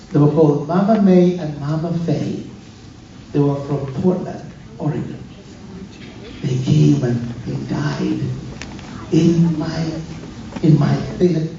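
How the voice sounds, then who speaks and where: Middle-aged man from Africa, guest preacher, high and animated voice, distant mic in a roomy, dull-sounding church hall. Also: moderate pace, a little hiss or hum. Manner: animated, acting out dialogue with swooping pitch. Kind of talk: sermon storytelling.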